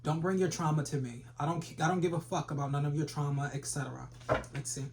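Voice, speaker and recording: A tarot reader talks over an audible layer of background noise and clicks. The delivery is loose and profane, full of trash talk aimed straight at viewers. The voice sits at a middle pitch. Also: fast. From Philadelphia. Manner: brash and profane, trash-talking with sudden laughs. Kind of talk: casual tarot reading for viewers.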